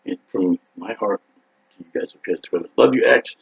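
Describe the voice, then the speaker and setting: A man with a low, gravelly, husky voice tells a rowdy story in a loose, rambling way. He swears freely and jumps into loud acted-out quotes. The sound is dull and lo-fi. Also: fairly quick. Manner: excitable, profane, acts out quotes loudly. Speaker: rock singer telling a story.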